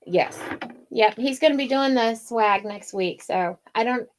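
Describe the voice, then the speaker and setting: A woman's voice: fairly high pitch, a little slow. A woman co-hosting a craft show, chatting casually and telling a long, rambling story with plenty of fillers. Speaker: wreath-making show co-host. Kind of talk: casual chat.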